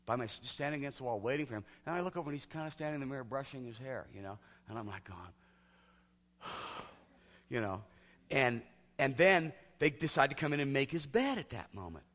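A male pastor telling a personal story in a sermon, talking conversationally and often dropping to a hushed near-whisper. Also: mid-range voice, lively intonation, fast. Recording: long hall reverb.

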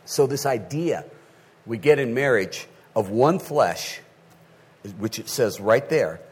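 A male pastor preaching a sermon in an animated way, often checking in with his listeners. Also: medium pitch, slow pace, husky.

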